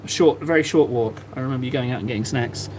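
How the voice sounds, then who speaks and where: A man's voice: medium pitch, rapid-fire, background noise. A man chatting casually on a live stream, self-mocking and rambling as he paints. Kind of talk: casual livestream chat while painting.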